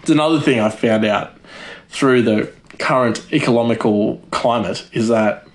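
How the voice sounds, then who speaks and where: A man's voice: mid-range voice, moderate pace. A man telling a rambling comedic monologue, full of fillers and laughing at his own jokes. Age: adult.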